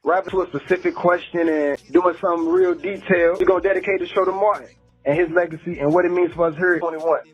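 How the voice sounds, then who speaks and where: A man hosts a casual radio talk show, telling stories at an easy pace and talking straight to his listeners. His voice is husky and sits a bit high for a man. He is calling in over a tinny phone line. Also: fairly even intonation, fast, faint music behind. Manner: laid-back storytelling, addresses listeners directly. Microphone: phone call.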